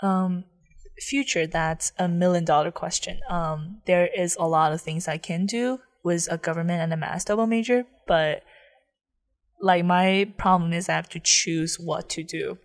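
A young Chinese woman, a college student, chats casually as an interview guest, speaking at a measured pace in a steady, lowish voice. Her talk is full of fillers and "likes."

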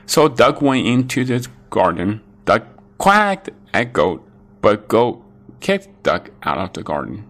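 A man narrating a children's storybook with a sing-song, expressive delivery. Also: lowish voice, slow.

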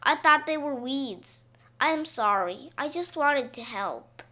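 A woman's voice: high-pitched, lively intonation, unhurried, bright, forceful tone, exaggerated voice. A woman voicing an eager, earnest seven-year-old boy in a children's storybook reading.

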